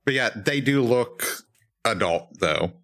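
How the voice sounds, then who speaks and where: Quiet, halting man on a podcast. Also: mid-range voice, animated. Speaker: podcast guest or co-host. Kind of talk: casual chat about an anime episode.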